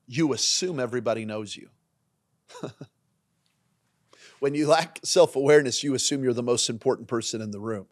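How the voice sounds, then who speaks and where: Emphatic male pastor teaching leadership. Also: fairly high pitch. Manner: emphatic and repetitive, swinging between punchy lines and quiet asides. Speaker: pastor and leadership podcast host. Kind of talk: sermon-style leadership teaching.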